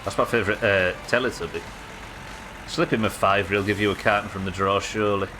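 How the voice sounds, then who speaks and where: A man's voice: lowish voice, fairly even intonation, quick pace, noisy background. A man chatting casually and joking while he plays a game on a live stream. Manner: chatty, joking, swears freely. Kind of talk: casual gameplay commentary.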